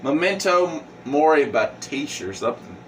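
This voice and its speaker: A man reviewing a comic book, rambling through the plot with lots of fillers. His voice sits a little high. He sounds set back from the mic, with faint background noise. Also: big pitch swings, moderate pace, fairly bright tone, far from the mic. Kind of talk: casual retelling.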